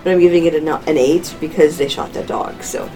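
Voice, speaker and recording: A woman's voice: sits low, fairly even intonation, brisk, mellow, faint music behind, poor audio. A woman co-hosting a podcast, firm and argumentative in casual chat. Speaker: podcast co-host.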